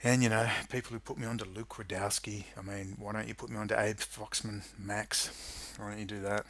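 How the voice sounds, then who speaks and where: In an angry, sarcastic ranting monologue to camera, a male political commentary YouTuber swears freely. He talks fairly quickly with a flat delivery, and his low-side voice has a fairly bright tone.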